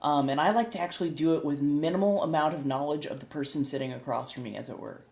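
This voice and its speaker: Chatty American streamer woman, low voice, loose rambling delivery, roomy echo. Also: fast, vocal fry, darkish tone. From United States. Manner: rambling, laughs often, self-correcting. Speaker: streamer and tarot reader. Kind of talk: casual chat to live viewers. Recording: echoey room.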